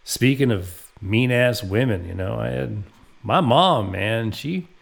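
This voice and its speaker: A man's voice: medium pitch, animated, takes it slowly, vocal fry. A man hosting his own comedy show, telling rambling, profane stories about his past. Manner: profane, rambling storytelling with acted quotes. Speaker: comedic podcast host. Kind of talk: crude comic monologue.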